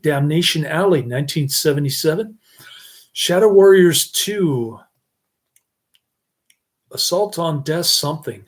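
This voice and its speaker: Guy doing a slow rambly movie review, a bit high-voiced, keeps chuckling. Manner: slow, halting, laughs at own jokes.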